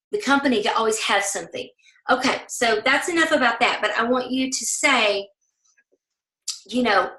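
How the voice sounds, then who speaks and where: A woman from the American South with a Southern accent, leading a motivational team call and talking fast, acting out the voices in people's heads. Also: fairly high pitch, sharp tone, roomy sound, low-quality recording. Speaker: team leader.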